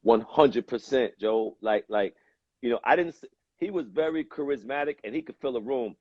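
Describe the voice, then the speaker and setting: A male actor as guest on a talk show, telling stories slowly and reflectively, acting out quoted voices and swearing now and then. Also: mid-range voice, dry recording, lo-fi sound. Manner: slow, reflective storyteller who acts out quoted voices and swears. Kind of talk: casual chat.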